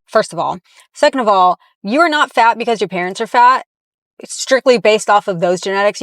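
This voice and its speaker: Woman reaction vlogger, mid-pitch, blunt and heated, dry close sound in a car. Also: dry recording. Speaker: fitness commentator. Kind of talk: reaction commentary. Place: inside a parked car.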